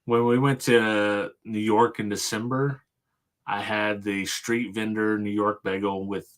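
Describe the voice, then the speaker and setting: Laid-back low-voiced man chatting. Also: level tone, unhurried. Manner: laid-back, says "dude" and "yeah" often. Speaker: podcast co-host. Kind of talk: casual chat.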